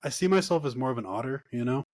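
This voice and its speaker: A man jokes around as a podcast co-host, excitable and loose. His voice sits mid-range. The recording is dry and close. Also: mid-range voice, quick pace, no room sound. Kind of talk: casual chat on a video call.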